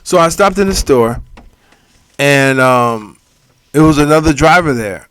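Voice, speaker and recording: A man's voice: on the high side, measured pace, clear, resonant tone, no room sound. A man co-hosting a podcast, telling stories in casual chat and acting out what people said to him. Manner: animated storyteller, acts out quotes. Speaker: podcast co-host.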